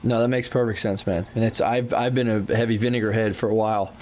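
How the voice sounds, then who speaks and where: A man's voice: lowish voice, steady tone, fast talker, a little mellow. A man co-hosting a podcast in loose casual chat, swearing freely, saying "dude" often and acting out his own thoughts. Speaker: podcast co-host.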